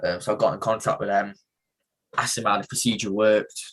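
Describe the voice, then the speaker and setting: A young man from the English Midlands with a husky voice, telling stories as a guest on a casual podcast. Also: on the low side, fairly quick. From England. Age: young adult. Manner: relaxed storytelling with laughs and slang. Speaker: boxer guest.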